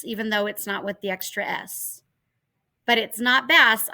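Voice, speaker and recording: A woman teacher leads a children's writing lesson from home, speaking very slowly and spelling out each letter. Her voice is bright and a little high. It is picked up by a laptop microphone. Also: animated, low-quality recording. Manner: patient, spells out letters and steps aloud. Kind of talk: slow, careful online writing lesson for children. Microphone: laptop computer mic.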